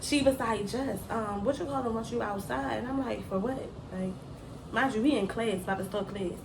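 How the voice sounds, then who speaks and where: A woman's voice: a little high, normal speed, vocal fry, echoey room, a loud crowd, rough recording. A middle-aged woman telling a story from her school days in a casual chat, slangy and laughing often. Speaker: mother telling a story on a daughter's channel.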